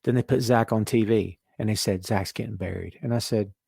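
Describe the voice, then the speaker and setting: Animated man hosting a wrestling podcast. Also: on the low side, brisk, vocal fry, husky, dry recording, studio quality. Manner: animated, reads listener comments aloud. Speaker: podcast host. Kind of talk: casual wrestling podcast chat.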